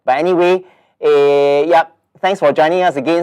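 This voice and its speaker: A man's voice: a little high, steady tone, moderate pace, a little mellow, clear, resonant tone. A man in his forties with a Singaporean English accent and a nasal, blocked-nose voice, hosting a casual webinar in a chatty, rambling way with many fillers and repeated words. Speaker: webinar host.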